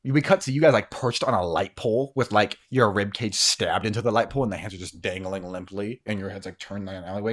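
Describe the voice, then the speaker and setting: A man's voice: fairly low pitch, fast talker, hardly any pauses. A man narrating as game master of a tabletop role-playing game, rambling with many fillers and frequent laughs.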